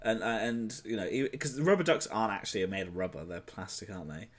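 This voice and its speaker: With a voice on the low side and a quick pace, a British podcast co-host spins a made-up adventure in a casual improvised comedy chat. His telling rambles, full of swearing and mid-course self-corrections.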